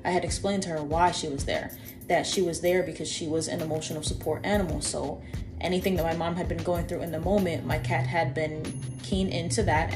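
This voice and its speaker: A young woman co-hosting a podcast, telling a personal story in a lively, chatty way and talking straight to her listeners. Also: on the low side. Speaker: podcast co-host. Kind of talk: casual storytelling.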